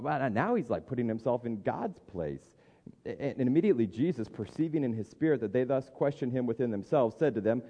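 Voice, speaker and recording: A man's voice: medium pitch, mellow, in a large hall, muffled recording. A man in his thirties preaching a conversational sermon as a pastor, thinking aloud with frequent restarts.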